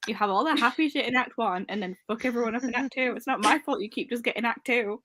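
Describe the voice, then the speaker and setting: A woman with a fairly high voice, chatting with friends on a video call. She talks bluntly and swears freely. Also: fast, fairly bright tone, no echo. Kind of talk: casual chat with friends.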